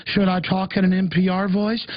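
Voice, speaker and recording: A woman's voice: mid-range voice, flat delivery, moderate pace, no echo, muffled recording. A woman hosting a talk radio show, speaking in a mocking, sarcastic tone.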